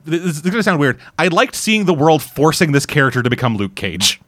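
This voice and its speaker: A man's voice: fairly high pitch, animated, fairly quick, few pauses, fairly bright tone, no echo. A Canadian man casually reviewing a series in rambling, profane chat full of restarts. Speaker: podcast host reviewing a series.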